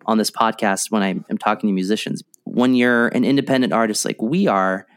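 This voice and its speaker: Joking podcast host, low dry man. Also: brisk, clear, resonant tone, no echo. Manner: joking, long-winded questions. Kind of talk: casual interview chat.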